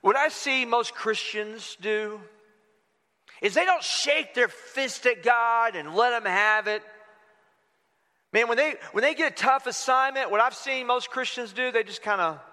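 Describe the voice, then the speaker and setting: A man preaching a sermon as pastor, animated, acting out quotes with shifting voice. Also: very high-pitched, measured pace. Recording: long hall reverb.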